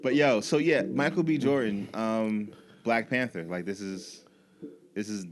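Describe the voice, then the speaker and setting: A man's voice: fairly low pitch, unhurried, a little hiss or hum. A man co-hosting a podcast in casual studio chat, opinionated and profane, often restarting his sentences. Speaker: podcast co-host.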